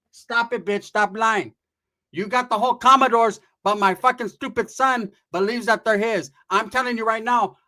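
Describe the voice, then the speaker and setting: A man's voice: sits high, bright, forceful tone, pitched above the performer's own voice. A man voicing a grouchy, crude middle-aged aunt who nags and scolds in a bossy, profane way.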